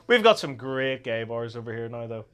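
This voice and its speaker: A man's voice: mid-range voice, fairly bright tone, clean tone. An Irish man chatting casually, swearing freely, laughing often and acting out voices in his stories. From Ireland. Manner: crude, laughing, acts out voices in anecdotes. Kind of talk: casual chat.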